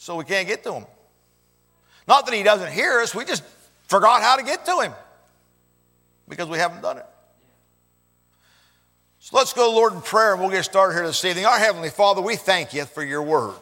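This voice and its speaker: A man preaching a sermon as pastor, swelling loud for emphasis and then dropping low. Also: lively intonation, moderate pace, long pauses. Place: church. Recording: echoey church hall.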